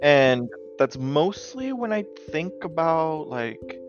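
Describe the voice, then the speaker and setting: A man's voice: on the high side, very animated, slow pace, lo-fi sound, music in the background. An American man in his twenties, a podcast guest telling rambling stories with lots of fillers and laughs. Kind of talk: casual interview chat.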